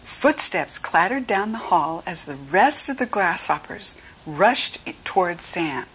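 An American woman reading a children's storybook aloud slowly and clearly for young listeners. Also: very animated, slight background noise. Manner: slow, clear teaching read-aloud, brighter pitch for quoted children. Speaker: children's book reader. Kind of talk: read-along storybook narration.

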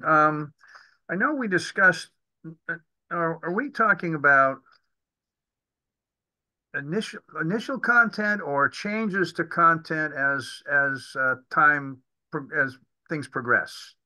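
A man with a sharply bright, tense voice asks questions as a committee member on a video call. He speaks haltingly, searching for words, and his sound is dry and close with no room echo. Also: fairly high pitch. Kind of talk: remote committee meeting discussion.

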